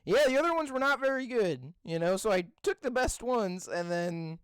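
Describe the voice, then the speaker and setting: A man's voice: sits high, animated, fairly bright tone, clear, resonant tone, no echo. Exasperated young man, crude podcast banter. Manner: profane, exasperated, spells words out slowly. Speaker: podcast co-host.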